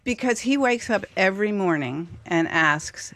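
A woman chef and restaurateur talking earnestly in an interview, often pausing to search for words. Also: mid-range voice, animated, a bit bright. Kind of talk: casual interview talk.

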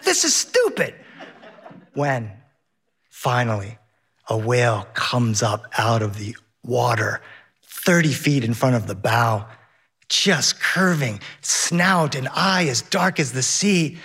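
A man telling a personal story on stage to a live audience, animated and lively. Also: mid-range voice, slow pace, husky. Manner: animated, shifts into voices of his child and the captain. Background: audience laughter.

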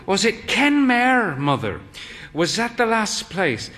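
A man's voice: high voice, very animated, slow pace, sharp tone, pitched above the performer's own voice, heavily acted. A man playing a thin, fey, flamboyant man in late middle age with a theatrical, camp delivery.

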